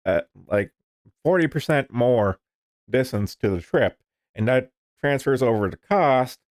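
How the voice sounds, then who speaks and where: A man's voice: mid-range voice, lively intonation, measured pace, no echo, studio quality. A man casually commenting on the news, rambling and swearing, with lots of fillers. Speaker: streamer reading the news.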